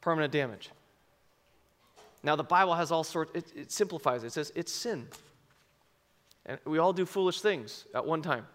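A man preaching a sermon to a congregation, telling a personal story with lively acted-out quotes and sudden shouts. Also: on the high side, moderate pace, pauses often. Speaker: pastor. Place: church service before a congregation.

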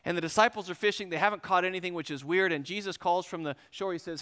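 A man preaching a sermon, telling a lively personal story and acting out both sides of the conversation before turning to scripture. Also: high-pitched, quick pace, hardly any pauses, smooth. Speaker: pastor.

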